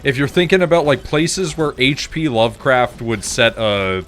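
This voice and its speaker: A man's voice: mid-range voice, animated, moderate pace, a bit bright. A Canadian man rambling casually while gaming, swearing freely and filling his talk with "like". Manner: rambling, profane, heavy on fillers. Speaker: gaming streamer.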